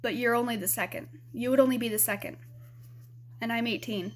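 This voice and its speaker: A woman's voice: a little high, a little fast, background noise. A young woman from Arizona telling a personal story to her camera in a rambling, frank way, swearing freely and filling gaps with "you know". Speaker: vlogger.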